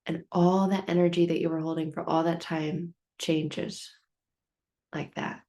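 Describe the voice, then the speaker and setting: A woman's voice: on the low side, flat delivery, unhurried, dark tone. A woman self-help speaker giving a motivational talk, storytelling with repeated, building phrases. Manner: storytelling with repetitive build-ups.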